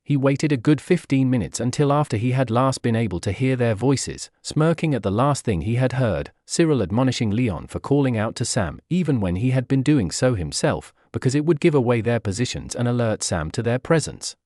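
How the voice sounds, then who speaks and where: Expressive male audiobook narrator, lively delivery. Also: medium pitch, a little fast, few pauses, dry recording, clean studio sound. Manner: expressive, voices the characters' shouts. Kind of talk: dramatic fan-fiction audiobook narration.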